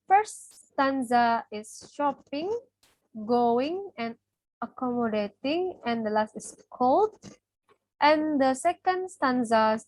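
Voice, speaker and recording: High-voiced young woman reading notes. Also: no room sound, low-quality recording. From Indonesia. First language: Indonesian. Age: young adult. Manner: reads steadily from notes, listing terms. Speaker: student presenter. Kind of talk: reading a class presentation.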